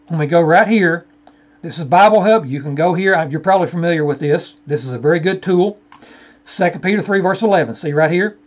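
A man's voice: fairly high pitch, fairly quick. A man teaching from a shared screen, arguing a scripture point and addressing his opponent directly. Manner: argumentative, repeatedly addressing an opponent by name. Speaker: Bible teacher. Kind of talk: screen-share Bible study rebuttal.

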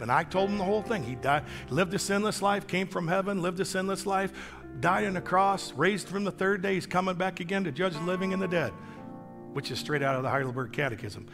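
A man in his sixties, a guest pastor preaching a sermon with a personal testimony, telling his story in an animated way with self-deprecating humor. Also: high voice, a little fast, big-room sound, music in the background. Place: church sanctuary.

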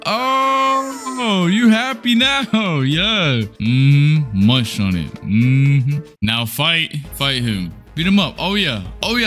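A man's voice: on the high side, expressive, very slow, hardly any pauses, a bit bright. A young man giving casual, playful gameplay commentary, teasing other players with slang and frequent laughter. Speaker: gaming video creator. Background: faint background music.

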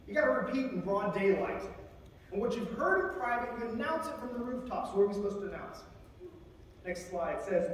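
A high-voiced male military chaplain preaching a sermon. He keeps it conversational and gives the scripture quotes voices of their own. He is picked up from across a big chapel, with a long, ringing reverb and a faint hum behind him. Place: large chapel. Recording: echoey chapel from far off.

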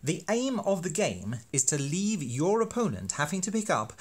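A university lecturer making teaching videos explains a teaching card game in a playful, self-deprecating, hammy style. His voice is on the high side, sing-song and slightly rough, at a normal speed.

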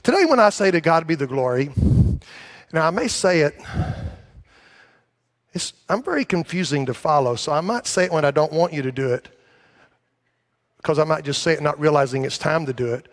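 A man's voice: on the high side, lively intonation, moderate pace, long pauses. A man preaching a sermon to his church, rambling and self-deprecating, then rising to emphatic calls for a response. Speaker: pastor. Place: church sanctuary.

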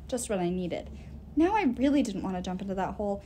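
A woman reading a novel aloud in expressive first-person narration. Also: medium pitch, quick pace. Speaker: audiobook reader.

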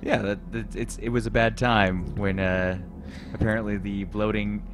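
A man's voice: fairly low pitch, flat delivery, normal speed. A man chatting casually as a let's play co-host and adding joking asides. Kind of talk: casual chat.

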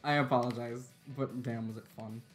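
A man's voice: mid-range voice, steady tone, normal speed, soft background music. A tired man giving laid-back, joking live-stream commentary while he plays a game, swearing and chuckling often.

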